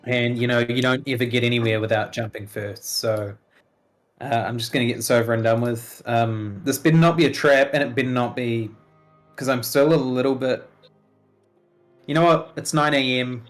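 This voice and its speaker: A man's voice: medium pitch, steady tone, moderate pace, soft background music. Wry man playing a tabletop game. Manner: wry, joking. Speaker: player. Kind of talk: in-character tabletop play.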